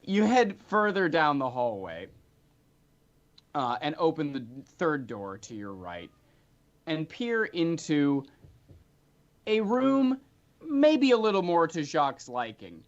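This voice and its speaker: A man narrating a tabletop game as game master, chatty and animated, with frequent filler ums. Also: fairly high pitch, measured pace. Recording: dull lo-fi recording.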